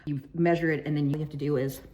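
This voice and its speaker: A woman's voice: low-pitched, flat delivery, racing, warm tone. A woman giving a casual baking tutorial, chatty and joking with viewers as she works. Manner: chatty and joking, talks to viewers while working. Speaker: baking instructor and shop owner.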